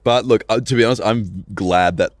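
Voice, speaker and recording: A young man with a lowish voice co-hosts a podcast in relaxed chat. He rambles through anecdotes and acts out the back-and-forth as he goes. The sound is dry and close. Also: normal speed, no echo. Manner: rambling storyteller, acts out dialogue. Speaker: podcast co-host. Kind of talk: casual chat.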